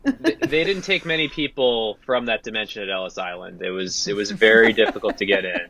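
A man co-hosting a casual chat, tossing in deadpan jokes. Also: lowish voice, brisk, a little hiss or hum, rough recording. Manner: joking, deadpan quips. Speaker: podcast co-host.

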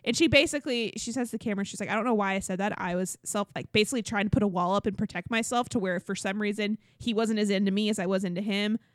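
A woman co-hosts a podcast, casually chatting as she recaps reality TV in a medium-pitched voice, talking very fast with hardly any pauses. Her speech is packed with "likes" and "ums," and she acts out quotes. The recording is studio quality with no room sound.

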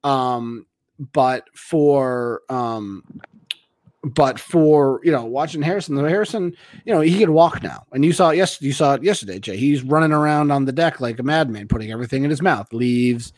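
A man's voice: mid-range voice, moderate pace, no room sound. A man hosting a casual podcast, rambling with many restarts and trailing off. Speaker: podcast host.

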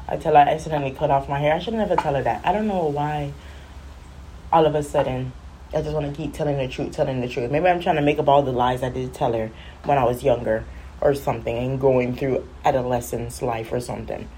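A woman's voice: extremely low pitch, quick pace, warm tone, slight background noise. A woman chatting casually on a vlog, telling a rambling, exasperated story. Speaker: vlogger. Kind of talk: casual chat.

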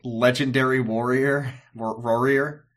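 A man's voice: medium pitch, steady tone, measured pace. A man co-hosting a casual chat recap of a TV episode, joking and rambling with lots of fillers. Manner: jokey, rambling, with frequent fillers. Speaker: podcast co-host.

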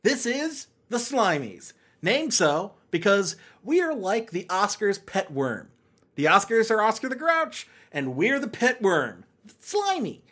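A man's voice: sits high, very animated, unhurried, pushed and bright. A man hosting a casual comedic movie-review monologue, sarcastic and rambling with lots of fillers and restarts. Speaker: podcast host.

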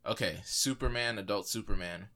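A man's voice: on the low side, moderate pace, bright, forceful tone. A man co-hosting a podcast, chatting casually about movies in a rambling way with lots of fillers. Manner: rambling, filler-heavy, restarts often. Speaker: podcast co-host.

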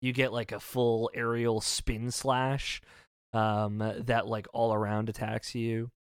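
Man, game reviewer, gravelly, mid-pitched, eager rambling chat. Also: little pitch movement, slow, no echo, studio quality. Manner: enthusiastic, rambling with many fillers. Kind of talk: casual review discussion.

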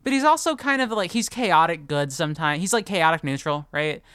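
A woman's voice: on the low side, lively intonation, a little fast, fairly bright tone, clear, resonant tone, no echo, studio quality. A woman co-hosting a casual book podcast, rambling with lots of fillers and restarts and laughing often. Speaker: podcast co-host. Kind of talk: casual book-discussion chat.

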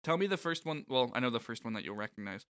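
Wry, bright-voiced man chatting. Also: medium pitch, expressive, quick pace, clear, resonant tone, no echo, clean studio sound. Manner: wry, sarcastic, profane. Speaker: podcast co-host. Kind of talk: casual chat.

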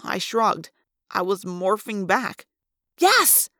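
A woman narrating a first-person novel as an audiobook, at a middling pitch. Her reading is lively and rises for the dialogue. The recording is close and completely dry. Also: measured pace, vocal fry, no echo. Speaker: audiobook reader.

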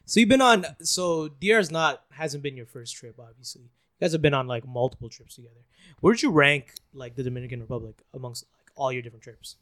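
A man's voice: medium pitch, fairly quick, a bit bright. A young man co-hosting a casual podcast, trading playful slang and asking about trips.

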